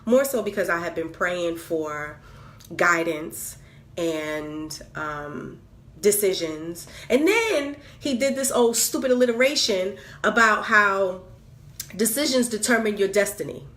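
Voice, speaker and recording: A woman's voice: mid-range voice, animated, slow pace, fairly bright tone. A woman venting candidly on camera, exasperated and repeating herself with stammered restarts. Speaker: vlogger.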